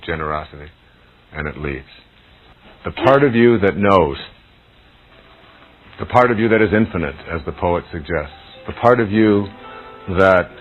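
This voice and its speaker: A man speaking slowly and deliberately about spiritual ideas, in a fairly low voice. The sound is narrow and phone-like, with faint music underneath. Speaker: motivational speaker. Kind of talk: spiritual talk to an audience.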